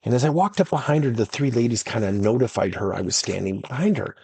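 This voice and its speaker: A man's voice: medium pitch, fast, gravelly, slightly rough, no room sound. A middle-aged man, a workplace coach and podcast host, telling stories and acting out the dialogue. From United States. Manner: animated, acts out dialogue in stories. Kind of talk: storytelling coaching talk.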